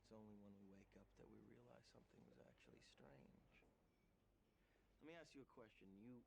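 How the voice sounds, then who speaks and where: An actor playing a calm male dream thief, patiently explaining in measured film dialogue. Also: fairly low pitch, gravelly. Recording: noisy film audio under a stream.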